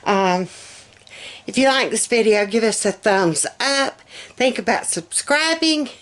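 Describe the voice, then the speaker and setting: Slow-talking breathless Southern woman. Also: on the high side, animated, fairly bright tone. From Alabama, US. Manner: chatty, rambling with fillers. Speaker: home vlogger. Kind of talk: casual home vlog.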